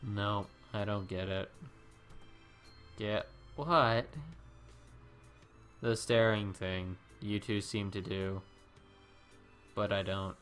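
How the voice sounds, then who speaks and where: A man's voice: on the low side, fairly even intonation, extremely slow, pauses often, fairly bright tone, soft background music. A man co-hosting a let's play, reading visual novel dialogue in a laid-back, hesitant way.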